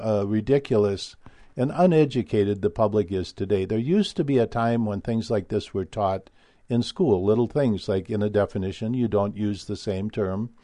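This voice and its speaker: A man with a low, dark, mellow voice holds forth in a rambling, opinionated monologue, often stalling on fillers and restarting his sentences. The sound is dry and close, with no room echo. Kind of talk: casual monologue.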